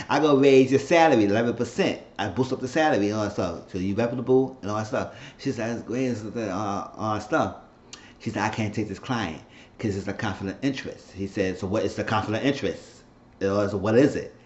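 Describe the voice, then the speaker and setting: A man's voice: fairly low pitch, a little fast. Man, casual TV recap host, acts out the lines, roomy echo, dull lo-fi sound. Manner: animated retelling, acts out characters' lines. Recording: echoey room, dull lo-fi sound.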